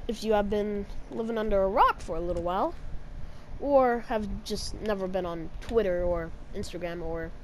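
A woman giving casual, jokey commentary while playing a game, yelping and shouting at the action. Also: mid-range voice, a little hiss or hum. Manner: excitable, yelps and shouts at the game; jokey, teasing asides to viewers. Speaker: gamer.

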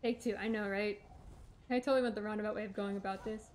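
A woman's voice: medium pitch, fairly even intonation, fast, a little mellow, a little hiss or hum. A woman streaming a video game, giving casual gameplay commentary and talking to herself, swearing when things go wrong.

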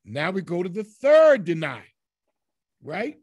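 A man with a Southern US accent leading a Bible study, teaching in an animated way and acting out the voices in the scripture. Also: high voice, slow, dry recording, clean studio sound.

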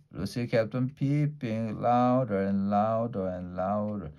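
A man reading a children's storybook aloud in a lively way, shifting his pitch and loudness for the characters' lines. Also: measured pace, few pauses. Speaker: storybook reader.

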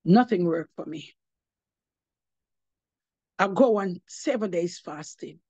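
A woman's voice: on the low side, lively intonation, takes it slowly, darkish tone, breathy edge, no room sound. A woman giving her testimony as an apostle, preaching to a congregation and slipping between English and patois, rising to emphatic cries of praise.

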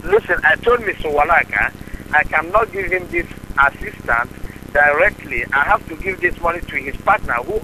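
A man with a Nigerian accent speaks in a high, very bright and sharp voice. He is insistent, going over the same point again and again in halting, broken sentences. A faint hiss sits behind him. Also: very animated, creaky, low-quality recording. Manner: insistent, repeats himself, halting broken phrasing. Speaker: caller. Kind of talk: phone conversation.

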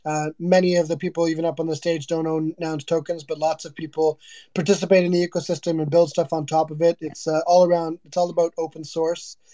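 A man hosts a casual live audio room, joking and friendly with his guests. His voice sits a little high, and he often restarts his sentences. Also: level tone, fairly quick, mellow. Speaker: host.

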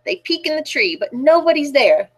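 A woman librarian reading picture books aloud at a children's storytime, sing-song and animated, asking the kids questions. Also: high-pitched, moderate pace.

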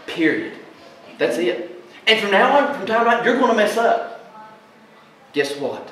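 A man preaching a sermon as pastor, animated and plainspoken, often quizzing his congregation with questions. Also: high voice, normal speed, long pauses, a little hiss or hum. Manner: folksy, plainspoken. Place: large church hall. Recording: echoey hall, voice from far off.

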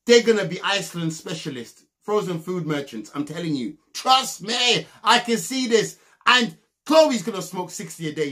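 A young man giving a comedic, mocking recap of a reality TV show, breaking into loud laughs. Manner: mocking, animated, bursts into loud high laughs.

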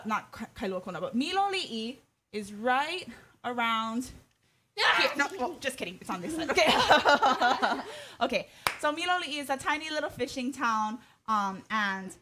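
A woman leads an online hula class, counting the beats aloud and chanting cues. She explains each move in a friendly, joking way. Her voice sits fairly high. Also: fairly bright tone, slight background noise. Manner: friendly, explains with small jokes and laughs. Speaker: hula teacher. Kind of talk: online dance lesson.

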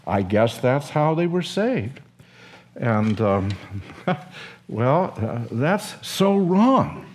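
An older man, a seminary professor, telling a story and lecturing in an animated, emotional way with acted quotes. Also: mid-range voice, very slow, slight background noise.

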